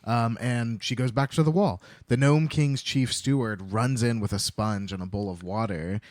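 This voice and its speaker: A man's voice: mid-range voice, steady tone, normal speed, darkish tone, dry recording. A man co-hosting a podcast who retells a story in casual chat, jumping into acted quotes and swearing now and then. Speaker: podcast co-host. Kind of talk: casual book-discussion chat.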